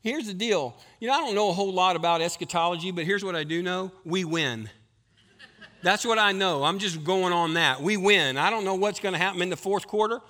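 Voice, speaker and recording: A man preaching a sermon in church, building to loud passionate declarations and dropping low to explain. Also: fairly quick. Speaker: pastor. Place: church sanctuary.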